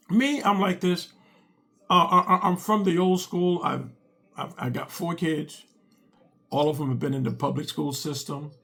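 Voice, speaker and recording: A man, a father, telling a comic story in an animated way and acting out both sides of the dialogue. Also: mid-range voice. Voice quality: gravelly.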